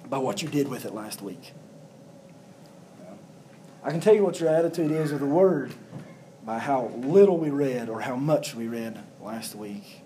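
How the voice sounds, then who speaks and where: A man's voice: medium pitch, dark tone, slight background noise, poor audio. A man preaching a sermon as pastor, building emphasis through repeated phrases.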